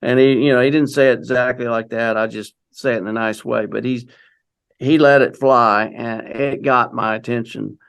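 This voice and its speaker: A man's voice: mid-range voice, fairly even intonation, normal speed, vocal fry, a bit bright, clear, resonant tone. A middle-aged man telling a personal story in a casual, rambling way, quoting what others said to him. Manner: rambling, with many restarts and quoted dialogue. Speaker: guest telling his story.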